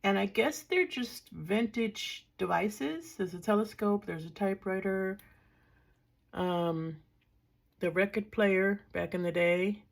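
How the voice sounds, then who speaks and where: Taking things slowly in a creaky, medium-pitched voice, an older craft vlogger casually chats about her washi tape collection. It's a relaxed show-and-tell full of thinking aloud and dry, self-mocking asides.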